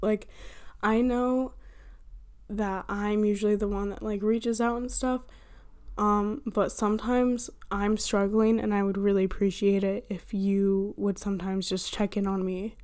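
A young woman talks alone into her microphone in a loose, rambling podcast monologue. She fills her sentences with "like," laughs at herself often and drifts between advice and self-teasing. Her pitch sits in an ordinary middle range. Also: level tone, measured pace, a little mellow. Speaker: podcast host. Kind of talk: casual solo podcast monologue. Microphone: handheld or desk microphone she bumps.

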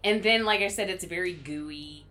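A woman's voice: on the low side, normal speed, sharp tone. A woman co-hosting a podcast, chatting enthusiastically about a horror movie with frequent giggles and fillers. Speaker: podcast co-host. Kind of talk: casual movie review chat.

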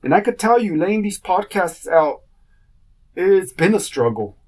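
Hosting his own podcast, a man rambles through a casual storytelling monologue, acting out what people told him. His voice sits high, with a sing-song lilt, a darkish tone, and a measured pace.

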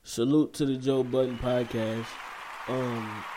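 Man, podcast host, from the US, casual banter, blunt, profane, middle pitch. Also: slow pace, some chatter behind, slight background noise. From United States. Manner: blunt, profane, animated storytelling.

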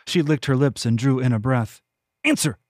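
Guy reading his fantasy book aloud, steady even delivery, mid pitch, dry close mic. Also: fairly quick, no room sound. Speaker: audiobook narrator. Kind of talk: scripted narration.

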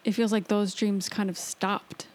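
A woman's voice: medium pitch, little pitch movement, a little slow, darkish tone. Woman co-host chiming in casually. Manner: brief supportive interjections. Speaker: podcast co-host. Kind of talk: casual chat.

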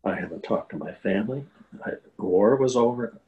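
Older man, deep voice, earnest interview storyteller with fillers. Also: expressive, brisk, phone-quality sound. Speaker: guest telling a war veteran story.

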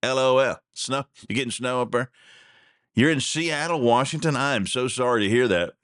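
A man's voice: medium pitch, moderate pace, a bit bright, smooth, no room sound, studio quality. A man hosting a radio talk show, chatting in a rambling, jokey, folksy way. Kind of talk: casual radio chat.

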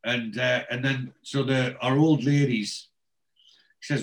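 A man's voice: mid-range voice, steady tone, normal speed. A man with a rambling, chatty manner, casually recapping a TV episode as a podcast co-host.

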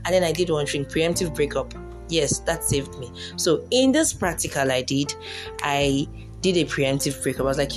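A woman's voice: deep voice, animated, moderate pace, a little mellow, faint music behind. A young woman chatting casually about relationships, acting out her own past self in quotes and laughing often. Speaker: vlogger giving relationship advice. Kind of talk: casual storytelling monologue.

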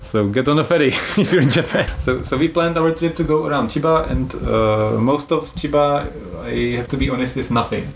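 A man's voice: mid-range voice, normal speed, gravelly, hardly any pauses, a little hiss or hum. Chatty man hosting a travel podcast. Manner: chatty, explanatory, laughs easily. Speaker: podcast host. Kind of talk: casual podcast chat.

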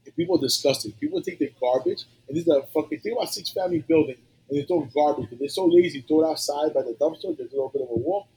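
A man's voice: fairly high pitch, racing, hardly any pauses, warm tone, slightly rough, poor audio. A middle-aged man, a guest telling stories in casual podcast chat, loose and profane, rambling with many fillers. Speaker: guest HVAC technician.

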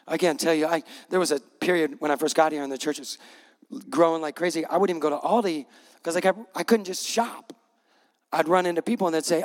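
A man's voice: on the high side, brisk. A middle-aged male pastor giving a conversational, emphatic sermon with repeated punch lines. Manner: gets choked up, laughing through emotion.

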